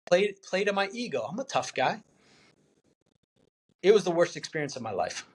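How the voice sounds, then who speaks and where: A man's voice: high voice, sing-song, moderate pace, breathy edge. A man talking candidly as a podcast guest and veteran, earnest and plain-spoken, acting out his friends' words as he tells the story. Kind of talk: candid interview conversation.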